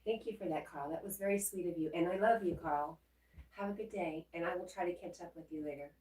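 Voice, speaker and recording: A woman's voice: lowish voice, fast, darkish tone, reverberant, far from the mic, low-quality recording. A woman hosting a casual livestream, chatting with viewers in a playful, teasing way. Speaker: livestream host. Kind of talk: casual live chat.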